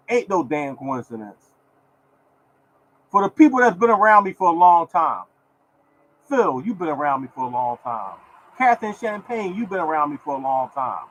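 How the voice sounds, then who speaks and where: A man's voice: on the high side, sing-song, measured pace, a bit bright, a little hiss or hum, poor audio. A man hosting his own lottery podcast, talking in a repetitive, preachy way and scolding his listeners. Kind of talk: casual podcast rant.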